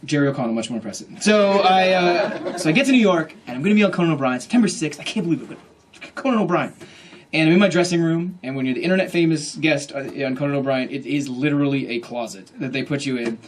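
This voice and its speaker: Fast-talking man telling a comic story. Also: a little high, slight background noise. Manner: animated, acts out other people's voices. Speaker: author at a bookstore reading. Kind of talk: comic storytelling to a live audience. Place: bookstore event room.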